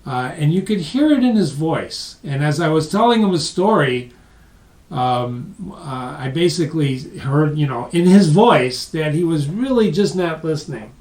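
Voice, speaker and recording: In a live webinar, a male presenter lectures conversationally, repeating points for emphasis to an online audience. His voice is a little high, expressive, and darkish, at a measured pace. The recording sounds roomy, with a distant mic.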